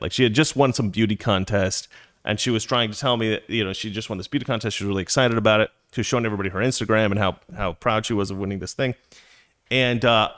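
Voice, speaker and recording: A man's voice: medium pitch, fairly bright tone. A man hosting a show, telling a story in a casual, chatty way with jokey asides. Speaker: podcast host.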